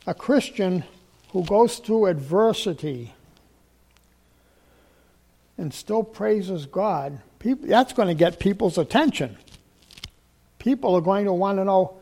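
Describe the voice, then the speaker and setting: A man with a high, gravelly voice preaches a folksy sermon. His tone is mellow and unhurried, and he tells homespun stories, repeating key lines and slowing down to hammer them home. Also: lively intonation. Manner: homespun, repetitive, slows for emphasis.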